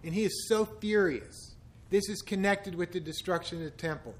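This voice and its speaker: A middle-aged pastor with a notably high voice delivers a sermon. He keeps a casual, conversational tone but pushes into emphatic, impassioned stretches. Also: moderate pace.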